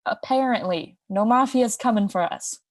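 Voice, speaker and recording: A fairly high-pitched young woman, speaking at normal speed, co-hosts a podcast with clean studio sound and no echo. Her crime story comes out casual and chatty, dotted with asides and restarts.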